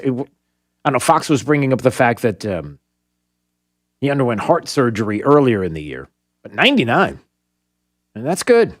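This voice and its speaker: A man's voice: mid-range voice, no echo, clean studio sound. Chatty male talk radio host. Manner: chatty, rambling, self-amused. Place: radio studio. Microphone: studio microphone.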